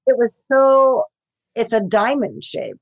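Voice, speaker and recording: A woman, a film makeup artist, telling stories in an interview, growing animated when excited. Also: on the high side, slow pace, lo-fi sound. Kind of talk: interview, casual storytelling.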